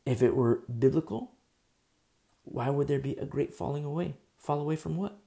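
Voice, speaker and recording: A man's voice: a little high, moderate pace, creaky, dark tone. A man preaching a conversational sermon, emphatic and full of rhetorical questions.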